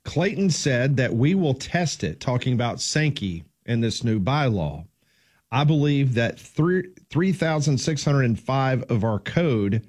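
A man's voice: mid-range voice, darkish tone. A man hosting a casual sports talk show, making emphatic points and steering the discussion.

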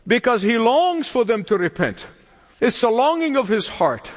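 A man's voice: very high voice, very animated, moderate pace, in a large hall. A man preaching a sermon as pastor, emphatic, repeating key phrases and chuckling between points.

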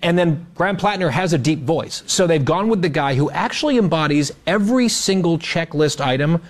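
A man's voice: fairly high pitch, animated, a little fast. A man giving sarcastic, mocking commentary as a panelist on a talk show.

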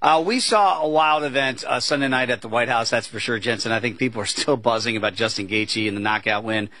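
A man's voice: mid-range voice, a little fast, sharp tone, no echo. A man hosting a sports betting talk show, chatting casually with asides and tangents. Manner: chatty, conversational, fond of asides.

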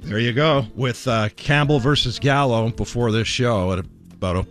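A man's voice: mid-range voice, moderate pace, faint music behind. A man hosting sports talk radio, musing conversationally and wryly about the day's games.

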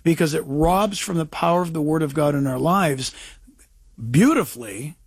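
A man's voice: fairly high pitch, lively intonation, moderate pace, husky. A man giving a casual Bible teaching talk, emphatic and repetitive, often restarting his sentences.

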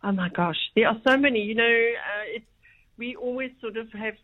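A woman's voice: a little high, normal speed. A woman talking about a festival she helps run, chatty and rambling with many restarts. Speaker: festival organiser guest. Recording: tinny phone line.

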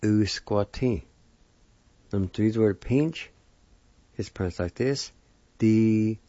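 A man slowly teaching the spelling and pronunciation of new words, repeating each syllable with care. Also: on the low side, dark tone, no room sound. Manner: slow, deliberate, repeats syllables carefully. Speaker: language teacher. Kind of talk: slow spelling and pronunciation lesson. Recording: dull lo-fi sound.

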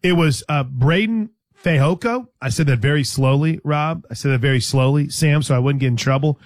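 A man's voice: medium pitch, fairly even intonation, brisk, no room sound, clean studio sound. A man hosting a sports radio show, chatting casually about football with a co-host, with frequent restarts and light teasing. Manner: conversational, hesitant restarts, teasing.

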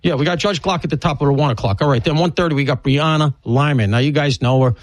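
A man's voice: on the high side, fast, dry recording, rough recording. A man hosting a radio talk show, rambling bluntly through an opinionated monologue and previewing guests. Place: broadcast studio.

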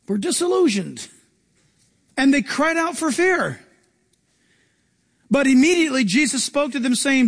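A man preaching a sermon as pastor, animated and acting out quoted lines, sometimes shouting them. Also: very high voice, measured pace, creaky, husky.

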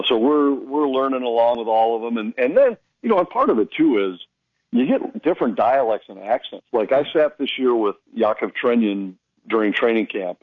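A hockey announcer with a voice on the low side tells stories during a casual radio chat, heard through dry, narrow, tinny audio. He acts out the voices of the people he quotes.

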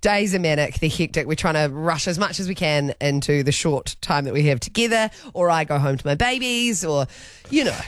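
A woman's voice: deep voice, expressive, fairly quick, no room sound. A young woman, co-hosting a radio show and telling stories in chatty, giggly banter at a studio microphone. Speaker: radio host. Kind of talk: casual radio chat.

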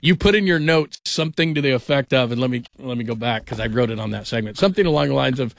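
A man's voice: medium pitch, fast talker, creaky, no echo, clean studio sound. A man hosting a sports radio show in a casual, rambling, self-deprecating way, laughing often.

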